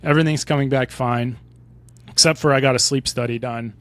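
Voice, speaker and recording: An American man in his forties talks through his story on a podcast, conversational and loose, tagging sentences with "right?". His voice sits at an ordinary middle pitch. The recording is dry and close, with no room sound. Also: steady tone, brisk, fairly bright tone, no room sound. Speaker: podcast guest, retired Army pilot. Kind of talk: casual interview storytelling.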